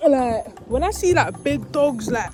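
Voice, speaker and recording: A young woman with a London accent talks casually to her phone camera outdoors in a park, full of slang and nervous laughs. Her voice sits a little high, and background music plays clearly under her speech. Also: expressive, unhurried. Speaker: vlogger. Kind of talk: casual vlog chat.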